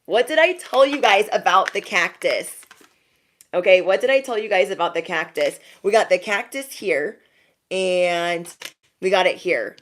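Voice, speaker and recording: A woman's voice: medium pitch, measured pace, fairly bright tone, slight background noise. A young woman doing a casual spiritual card reading, chatty and laughing often as she talks to her viewers. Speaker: tarot reader.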